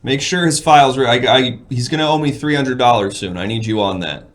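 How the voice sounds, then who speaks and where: A man's voice: medium pitch, fairly quick, faint music behind, lightly acted. A man playing a laid-back, money-minded male therapist in an improvised comedy sketch, asking dry, probing questions. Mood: deadpan.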